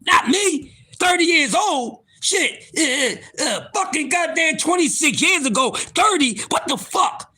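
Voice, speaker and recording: A man in his fifties hosting a live stream, ranting loudly and profanely at his viewers in disbelief. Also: extremely high pitch, very animated, a little slow, few pauses. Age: 50s. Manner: loud, profane, incredulous ranting. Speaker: livestream host.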